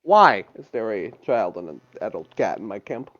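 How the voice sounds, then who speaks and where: Blunt, exasperated man in tabletop role-play; lively pitch, muffled lo-fi sound. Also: normal speed. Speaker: player. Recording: dull lo-fi stream audio.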